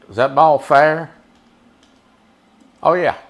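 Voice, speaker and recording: Playing a baseball video game on a live stream, a man offers casual, folksy commentary and chats with viewers. He speaks slowly with a fairly high, gravelly voice.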